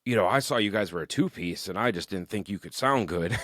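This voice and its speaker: A young man with a very low voice tells long, rambling stories about his band in a casual podcast chat. He talks animatedly and swears often. The sound is dry and close, with no room echo. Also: animated, brisk, a bit bright. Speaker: musician guest.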